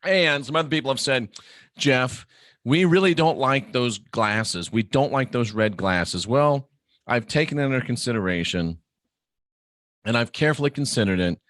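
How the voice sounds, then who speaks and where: A middle-aged man hosting a live online talk show, talking bluntly and animatedly, sometimes breaking into loud mock shouts. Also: mid-range voice, lively intonation, moderate pace, no room sound, studio quality. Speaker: host.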